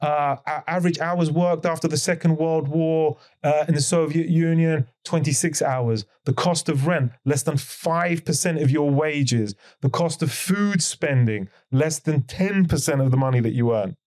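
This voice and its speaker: A man's voice: fairly high pitch, normal speed, few pauses, a little mellow. A man talking as a podcast guest, explaining history emphatically and firing off rhetorical questions. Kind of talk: conversational podcast lecture.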